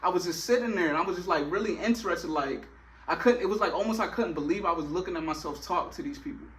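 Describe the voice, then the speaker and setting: A man's voice: high voice, fast talker, fairly bright tone. A young man telling a personal story in a casual, slangy way, full of filler phrases.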